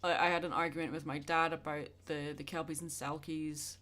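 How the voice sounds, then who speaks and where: A young art streamer chats casually with viewers during a drawing livestream, rambling and answering questions as she goes. Her voice is low-pitched and fairly bright, level in tone, and brisk.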